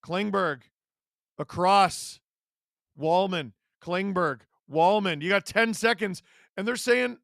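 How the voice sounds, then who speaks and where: A man hosting a live watch-along, calling the game play-by-play in an excited way and breaking into shouts on big plays. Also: high voice, slow pace, creaky, no echo, studio quality.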